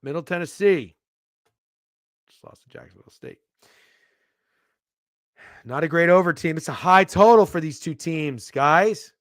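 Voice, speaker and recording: A man hosting a sports betting show, talking casually, swearing freely and swinging from hushed asides to loud bursts. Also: fairly high pitch, unhurried, pauses often, dry recording, studio quality. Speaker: sports betting podcast host.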